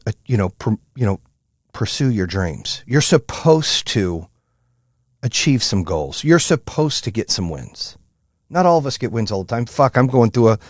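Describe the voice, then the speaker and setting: A man hosting a podcast, giving an intense, profane motivational monologue in a high-strung, high-energy way. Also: no room sound, studio quality. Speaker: podcast host.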